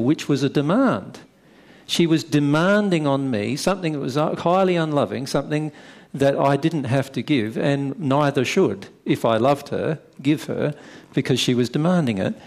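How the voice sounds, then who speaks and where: A man explaining ideas in conversation, stressing key points and slowing down for emphasis. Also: a little high. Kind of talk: conversational teaching.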